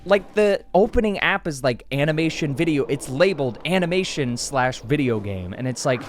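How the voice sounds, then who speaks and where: A young adult man co-hosting a Let's Play, chatting casually and jokingly with an animated delivery. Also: a little high, normal speed, slight background noise. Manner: animated, joking, slips into silly voices. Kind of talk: casual gaming chat. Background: game music.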